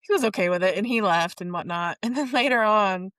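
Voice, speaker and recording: Woman, mid-pitched voice, chatty podcast co-host, casual book talk, dry close sound. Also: fairly quick, fairly bright tone, dry recording. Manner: chatty, chimes in to fill in plot details. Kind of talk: casual book discussion chat.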